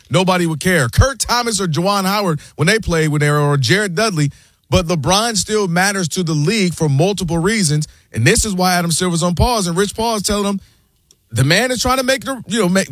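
A man hosting a sports debate show, talking in an animated, argumentative way. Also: sits high, no room sound. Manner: animated, argumentative, quotes people in put-on voices. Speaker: sports talk show host.

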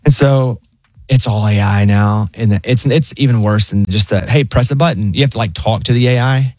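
A man's voice: moderate pace, no echo. Man telling stories in a dry studio. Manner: animated storyteller, mimics voices in high pitch. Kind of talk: casual chat.

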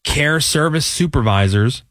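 A man's voice: a little high, animated, a little slow, a bit bright, no echo. Chatty radio host man, dry studio sound. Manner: reads listener stories aloud, chatty. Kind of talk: casual radio banter.

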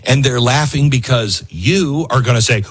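A man's voice: medium pitch, normal speed, husky. A man hosting a political talk show, giving an opinionated, sarcastic monologue and laughing often. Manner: animated, sarcastic, laughs often and mimics people.

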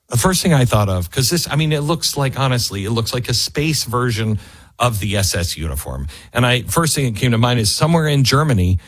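A man delivers casual political commentary, drifting into sardonic asides as he goes. His voice has a husky, slightly breathy grain. The sound is dry and close, with no room around it. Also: mid-range voice, no echo.

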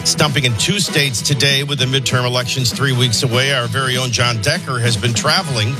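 A man's voice: medium pitch, steady tone, fairly quick, music in the background. A man hosting a morning radio show, reading the news with opinionated, sardonic asides. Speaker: radio talk show host.

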